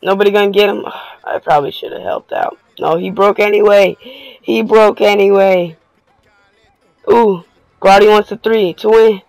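High, gravelly hyped young gamer man. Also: normal speed, dry recording, soft background music, poor audio. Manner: hyped trash talk, slangy and excitable. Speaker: gaming video creator. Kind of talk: live gameplay commentary.

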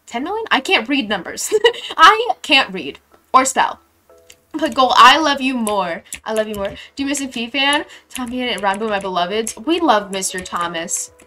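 A young woman streaming a game, chatting casually and reading her chat aloud with sudden excited squeals. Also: fairly high pitch, moderate pace, soft background music.

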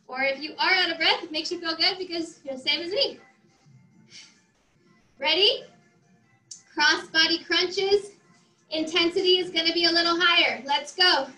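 A woman's voice: very high voice, normal speed, pauses often, pushed and bright, roomy sound, rough recording. A woman fitness instructor leading a workout class, out of breath as she exercises and counts down the reps. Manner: encouraging, counts down reps, talks while exercising. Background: faint music.

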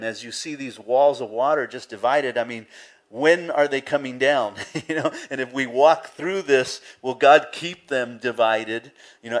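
A male pastor giving a sermon, chatty with "you know" and "right", swelling loud and high when retelling scenes and dropping soft for reflection.

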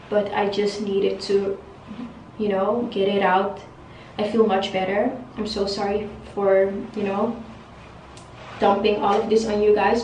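A woman's voice: medium pitch, darkish tone, recorded from a distance, a little hiss or hum. A young woman venting to camera as a hair vlogger, frustrated and repetitive, swearing freely. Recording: roomy echo, voice a bit off-mic.

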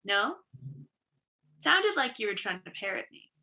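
A woman's voice: mid-range voice, big pitch swings, a little slow, sharp tone, exaggerated voice. An actress playing a drunk, giddy young Southern college woman with a Georgia accent, slurring and combative in a livestreamed stage play. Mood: drunk angry. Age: young adult.

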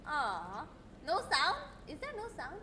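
Animated young woman streamer. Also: high voice, slow, slight background noise. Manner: excitable, chatty, reads game lines aloud. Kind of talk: live game commentary.

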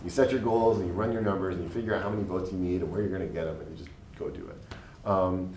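At a public panel event, a state legislator in his late 20s answers questions earnestly but ramblingly, with plenty of fillers. His low, slightly mellow voice holds a steady tone while he talks fast, and the room is echoey with faint background noise.

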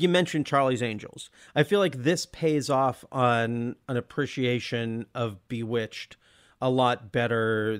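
A man's voice: mid-range voice, smooth. Enthusiastic man chatting about films. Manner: enthusiastic, laughs often, animated mimicry. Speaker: podcast co-host. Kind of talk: casual film discussion.

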